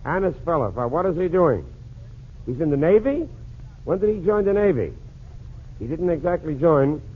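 A man doing a one-sided comic phone call in a 1940s radio comedy monologue, patter quick and full of jokes. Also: on the high side, animated, husky. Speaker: comedian and emcee. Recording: tinny lo-fi 1940s radio transcription with faint hiss.

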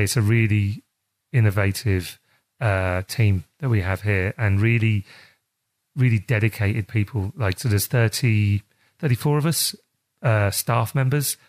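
A middle-aged man with a South East London accent, chatting casually in an interview, rambling with many restarts. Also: fairly low pitch. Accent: South East London English. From South East London, England. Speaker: charity chief executive.

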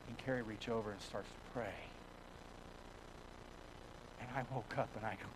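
A man preaching a sermon as a pastor in a church, telling a folksy story and swinging between hushed and loud passages. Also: on the low side, steady tone, moderate pace, pauses often, background noise.

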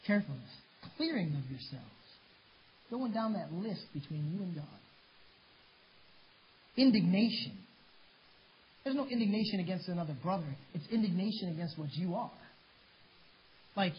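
A man's voice: high voice, animated, normal speed, pauses often. A man preaching a sermon as pastor, fervent and plain-spoken. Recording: dull lo-fi sermon recording with faint hiss.

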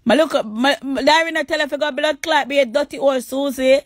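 Jamaican woman, livestream rant, high voice, dry close sound; taunting, crude, shouts at times. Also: brisk, dry recording. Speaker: livestream host. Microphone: phone.

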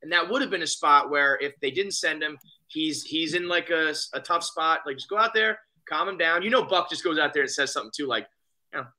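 A man co-hosting a podcast, chatting casually about baseball in a rambling, profane, excitable way. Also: a little high, fairly quick. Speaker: podcast co-host. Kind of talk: casual sports chat.

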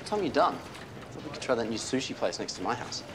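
An actor playing a casual, evasive young surgeon in a TV drama. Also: male voice, mid-range voice, big pitch swings, brisk, background noise, close to an everyday voice. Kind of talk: TV drama acting.

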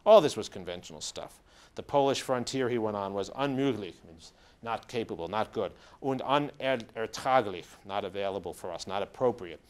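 A man giving a lecture, reading passages from a diary aloud and stopping now and then to explain. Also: mid-range voice.

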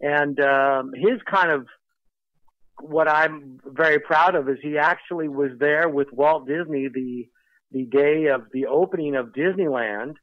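Talkative male guest, slight lisp, higher voice, dull dry speakerphone line. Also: dry recording. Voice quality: slight lisp from dental work. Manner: chatty, rambling, running fast on coffee. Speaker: podcast guest. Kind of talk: casual chat over speakerphone.

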